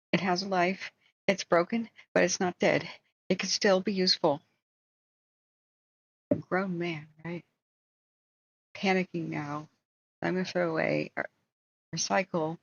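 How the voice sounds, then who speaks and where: A woman's voice: fairly low pitch, gravelly, muffled recording, slight background noise. A woman hosting a livestream, telling a long story in a casual, rambling way and breaking off for asides. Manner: rambling, animated retelling with asides. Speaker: livestream host.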